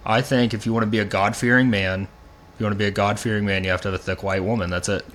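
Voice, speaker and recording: A young man hosting a comedy podcast, teasing his guest with deadpan jokes in casual chat. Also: fairly low pitch, very fast, a little hiss or hum. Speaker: podcast host.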